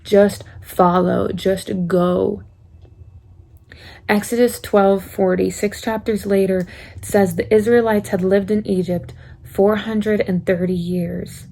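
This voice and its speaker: A young woman giving a casual sermon to students. She speaks conversationally and slips into acted-out voices for quoted excuses. Her voice carries a light gravelly fry at a mid pitch. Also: steady tone, takes it slowly, warm tone. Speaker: youth speaker.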